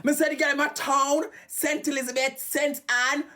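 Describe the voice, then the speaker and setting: A woman's voice: sits high, little pitch movement, moderate pace. Heated Jamaican woman ranting. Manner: loud, cursing, heated. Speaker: TikTok live streamer. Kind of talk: ranting live-stream talk.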